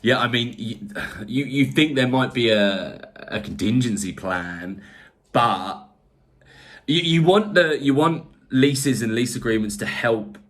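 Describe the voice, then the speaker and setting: A man's voice: mid-range voice, lively intonation, takes it slowly. A man from England co-hosting a casual tech podcast, talking in a rambling, chatty way with many fillers and restarts. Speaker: podcast co-host.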